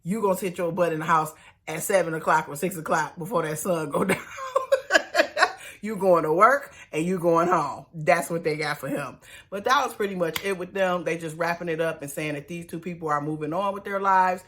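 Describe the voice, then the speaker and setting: A woman's voice: lowish voice, brisk, a bit bright. A woman, casually recapping a reality show with sassy, mocking asides and bursts of laughter.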